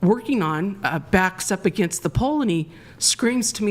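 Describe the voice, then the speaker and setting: A woman guest on a live talk show, telling a long story in an excitable, rambling way, restarting her sentences. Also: mid-range voice, moderate pace.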